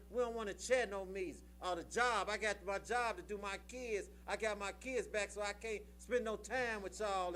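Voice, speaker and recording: A man's voice: sits high, a bit bright, a little hiss or hum. A man speaking at a recovery meeting, telling a story in a colloquial, preachy way and often tagging his lines with "right?". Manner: preachy, repeats phrases for emphasis.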